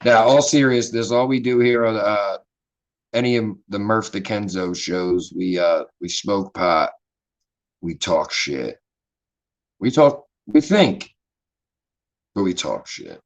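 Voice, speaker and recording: A man's voice: on the low side, measured pace, vocal fry, low-quality recording. Laid-back Philly man, rambling and profane. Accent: Philadelphia. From Philadelphia. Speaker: livestream host. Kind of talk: casual livestream chat.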